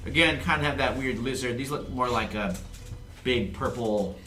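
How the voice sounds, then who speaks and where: A man narrating a tabletop game as game master, playful and quick to laugh. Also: medium pitch, sharp tone, reverberant.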